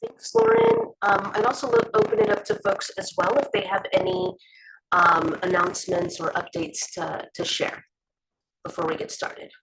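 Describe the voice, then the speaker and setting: A woman's voice: mid-range voice, expressive, normal speed, a bit bright, low-quality recording. Woman running a video-call meeting. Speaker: meeting facilitator. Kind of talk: online community meeting. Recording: choppy video call audio.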